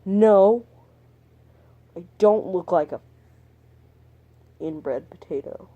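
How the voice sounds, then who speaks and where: A man's voice: sits high, slow, pauses often, warm tone, muffled recording. A young man telling a story in a rambling vlog monologue, crude and profane, trailing off topic and muttering whispered asides. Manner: meandering, drifts off topic. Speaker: vlogger.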